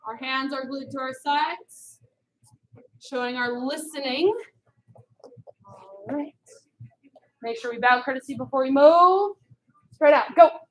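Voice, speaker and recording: A woman karate instructor leading a children's class in an indoor studio, upbeat, calling students by name and shouting commands. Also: sits high, slow, pauses often, reverberant, rough recording.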